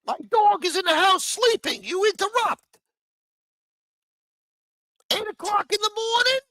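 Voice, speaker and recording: A man voicing a cranky older man who yells at his gardener in shrill, broken English. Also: expressive, unhurried, no echo, clean studio sound, exaggerated voice. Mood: indignant.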